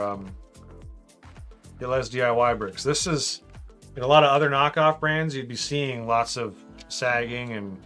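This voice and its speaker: Casual male streamer, bright forward tone, laid-back chat with faint music underneath. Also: medium pitch. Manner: chatty, reads out viewer comments, says "man" a lot. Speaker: livestream host building a brick model.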